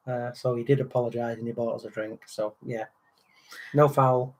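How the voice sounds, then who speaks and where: A man, co-hosting a relaxed livestream chat and telling anecdotes, acting out other people's lines. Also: mid-range voice, moderate pace. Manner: chatty storyteller, acts out other people's lines. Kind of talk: casual chat.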